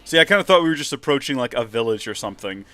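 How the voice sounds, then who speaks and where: A man chatting through a live game stream, joking at his own expense. His voice is bright and lively and moves a lot in pitch. Faint game music plays underneath. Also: racing. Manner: chatty, joking, self-deprecating. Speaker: host, gamer.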